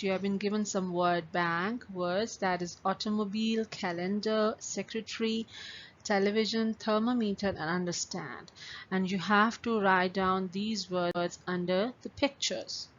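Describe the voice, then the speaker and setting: A woman teaching young pupils at an unhurried, deliberate pace, drawing each word out into its syllables. Her voice sits at an ordinary pitch. The recording is dull and lo-fi, with a faint hum of ambience behind her. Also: steady tone. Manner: slow, patient, stretches words syllable by syllable. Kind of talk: online class lesson for young pupils.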